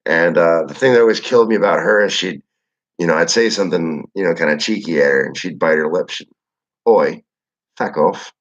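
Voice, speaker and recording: A young man from Michigan, hosting a casual livestream and reading the chat. He talks in a rambling, relaxed way, with lots of filler words and swearing. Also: deep voice, quick pace. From Michigan, USA. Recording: dull lo-fi audio.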